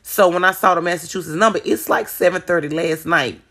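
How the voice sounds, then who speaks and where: A woman's voice: lowish voice, brisk, fairly bright tone, breathy edge. A woman hosting a podcast on her own, chatting casually with listeners and telling stories in a blunt, profane, rambling way. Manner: addresses listeners directly. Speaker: podcast host. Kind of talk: casual solo podcast chat.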